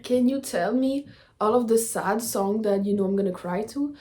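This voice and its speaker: Young woman chatting in a halting, apologetic way. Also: mid-range voice, mellow. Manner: halting, searching for words, apologetic. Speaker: reaction video host. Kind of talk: emotional reaction vlog chat.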